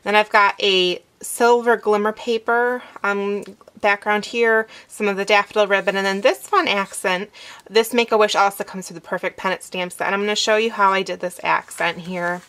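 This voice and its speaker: A woman hosting a craft tutorial, explaining each step in a relaxed instructive way with some fillers as she works. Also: medium pitch, normal speed. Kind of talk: demonstration, talking while working.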